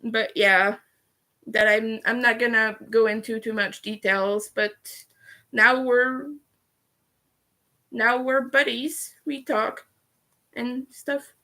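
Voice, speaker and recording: A woman's voice: on the high side, fairly even intonation, slow, pauses often, pushed and bright. A young woman chatting candidly on a livestream, heated at times and swearing freely. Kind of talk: casual livestream chat.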